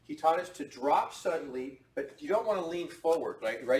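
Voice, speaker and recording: A man's voice: on the high side, lively intonation, normal speed, heavy background noise. A man teaching a martial arts class, chatty and friendly, often checking in with his students. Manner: chatty, laughs often, restarts and checks in with "okay?".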